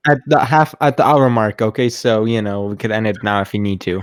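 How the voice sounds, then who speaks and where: A man's voice: on the low side, a little fast, smooth, no echo, clean studio sound. A man co-hosting a podcast, teasing his friends bluntly in casual chat. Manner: teasing, blunt, plugs games between jokes. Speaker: podcast co-host.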